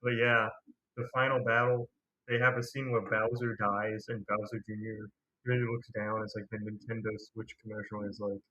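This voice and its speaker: A man's voice: fairly low pitch, flat delivery, moderate pace, sharp tone. A man hosting a casual movie review video, rambling and slangy with a sarcastic streak. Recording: dull lo-fi recording.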